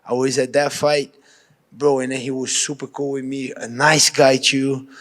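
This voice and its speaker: A man's voice: mid-range voice, flat delivery, normal speed, fairly bright tone. A man with a Brazilian accent, a professional fighter answering questions in a pre-fight media interview, talking frankly and casually, often restarting his sentences.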